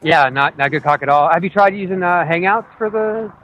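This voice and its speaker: A young man calling in to a show from outdoors, friendly and relaxed. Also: sits high, a little fast, highs cut off. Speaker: caller. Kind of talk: casual call-in chat. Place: outdoors at a fireworks stand. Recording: internet call with faint noise.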